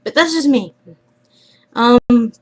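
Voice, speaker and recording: A young woman chatting casually in a vlog, rambling and trailing off, often dropping into quiet mumbles. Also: a little high, slow, low-quality recording. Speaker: vlogger.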